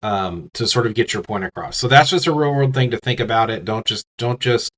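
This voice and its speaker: Pitched on the low side and a little bright, his voice moves a bit quickly and sounds expressive. Between hiccups, he delivers a relaxed business communication lecture, addressing the listener head-on with frequent restarts and filler words.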